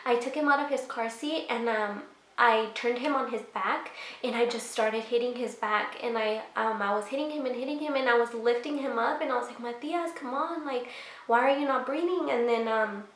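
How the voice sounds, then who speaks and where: A woman's voice: fairly high pitch, fairly quick, fairly bright tone, roomy sound. A young woman vlogger telling a personal story in a casual, rambling way, full of fillers. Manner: rambling, many fillers, emotional retelling.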